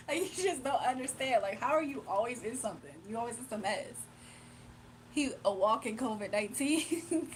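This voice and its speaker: A woman's voice: on the high side, slight background noise, rough recording. Chatty Southern woman on a livestream. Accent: Southern US, Virginia with Atlanta influence. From Virginia, USA. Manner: chatty, laughs often, reads chat aloud and answers. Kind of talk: casual late-night live chat.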